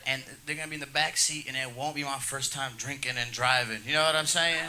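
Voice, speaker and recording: A man's voice: mid-range voice, fairly even intonation, quick pace, noisy background. A man wrapping up a crude, self-deprecating stand-up set on a comedy club stage.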